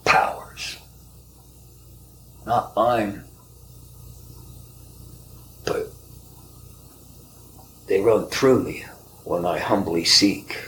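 A man hosting a podcast, telling spiritual stories softly, often dropping to a whisper. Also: sits low, slight background noise, rough recording. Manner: slow, soft-spoken, often whispering. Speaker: podcast host. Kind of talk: spiritual storytelling.

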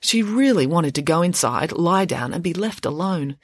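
A woman reads a children's story with a lively, swooping delivery at a middle pitch. The recording is dry and close, with no room sound. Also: moderate pace, no room sound. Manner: expressive, animated reading.

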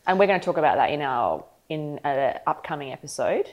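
Low-voiced woman hosting. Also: very animated, brisk, lo-fi sound. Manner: frank, curious questions. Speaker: podcast host. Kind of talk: casual podcast chat.

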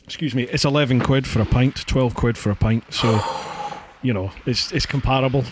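A Scottish man hosts a casual podcast chat at a mid pitch, spinning his own stories in a relaxed, chatty way. A faint noise sits under his voice. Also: moderate pace. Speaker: podcast host.

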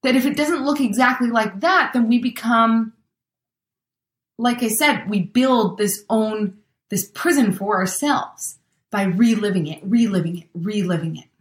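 A woman's voice: a little high, a little slow. Chatty woman in an echoey room. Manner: chatty, acts out everyday scenarios with exclamations. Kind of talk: motivational talk.

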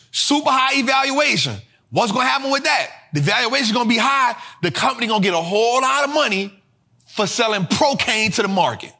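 High, lively man hammering home a point. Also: a little fast. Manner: emphatic and repetitive, drilling points home; slangy, animated delivery with bursts of shouting. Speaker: host. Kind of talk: street-style finance lesson.

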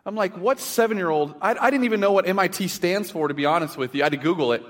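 A man in his thirties preaching a sermon in church, telling family stories with big swings between loud and hushed. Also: sits high, expressive, rapid-fire. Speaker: pastor. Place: church sanctuary. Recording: long hall reverb.

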